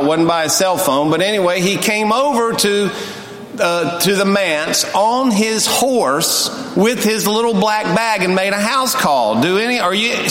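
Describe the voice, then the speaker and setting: An older male pastor preaching with folksy humor in a slightly high voice. His storytelling swings between quick asides and slow, drawn-out lines. His words ring through a church sanctuary with a long echo and a faint hum of room noise. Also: fairly bright tone. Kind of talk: sermon with storytelling. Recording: echoey hall, faint noise.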